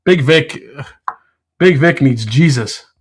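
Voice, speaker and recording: A man's voice: a little high, animated, slow, husky. Laughing, swearing man hosting a whiskey stream. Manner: laughs a lot, swears casually, reads chat aloud. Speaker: whiskey show host. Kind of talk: casual live stream chat. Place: home whiskey room.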